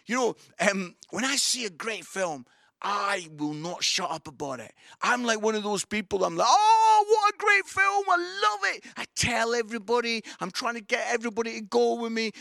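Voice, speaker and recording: A man preaching an online sermon, animated and enthusiastic, shouting some lines and growing soft and low at others. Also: moderate pace, gravelly, dry recording, studio quality. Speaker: pastor.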